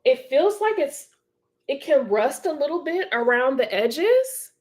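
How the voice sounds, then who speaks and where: Give me a woman chatting casually on a livestream, encouraging and quick to laugh. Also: high-pitched, sing-song. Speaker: livestream host. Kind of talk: casual livestream chat reading viewer comments.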